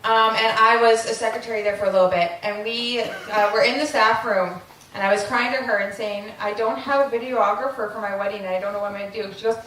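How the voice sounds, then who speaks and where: A woman's voice: a little high, fairly quick, fairly bright tone. A young adult woman giving a heartfelt wedding thank-you speech, with frequent ums and small laughs. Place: large wedding reception hall with guests. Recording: very echoey, distant, noisy crowd. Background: murmuring wedding guests.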